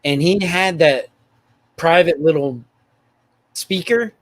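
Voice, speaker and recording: A man's voice: a little high, takes it slowly, no room sound. A middle-aged man co-hosting a podcast, retelling college stories with lots of laughter. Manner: laughs often, animated retelling. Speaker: podcast co-host. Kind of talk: casual storytelling chat.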